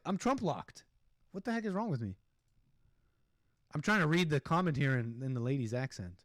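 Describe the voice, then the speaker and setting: A man's voice: fairly high pitch, lively intonation, normal speed, long pauses, a bit bright, no echo, studio quality. A man hosting a stream, ranting sarcastically and indignantly over a video clip and laughing at his own jokes. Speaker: streamer host.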